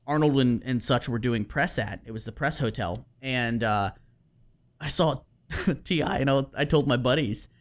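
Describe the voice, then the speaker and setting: Chatting casually on his podcast, a man tells a story with a lot of laughter, offhand swearing and heaps of fillers. He's animated, with a mid-range voice at a moderate pace.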